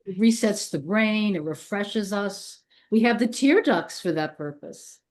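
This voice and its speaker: A woman's voice: medium pitch, lively intonation, unhurried. A woman interviewer on a video call, giving brief affirming remarks. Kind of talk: supportive interviewing.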